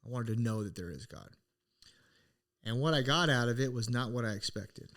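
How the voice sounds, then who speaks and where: A man's voice: mid-range voice, lively intonation, moderate pace, a bit bright. Earnest reflective man telling a story. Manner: earnest, reflective, full of restarts. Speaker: podcast co-host. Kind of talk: casual personal storytelling.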